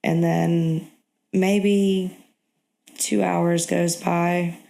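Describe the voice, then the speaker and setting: A woman guest in an interview, telling a personal story in a halting, reflective way, with many pauses and restarts. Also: lowish voice, little pitch movement, creaky, dark tone. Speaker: podcast guest.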